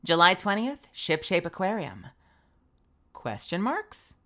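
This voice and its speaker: A woman's voice: on the low side, huge pitch swings, takes it slowly, bright, forceful tone, a little hiss or hum. A woman streaming a game read-through, chatting and thinking aloud between scenes.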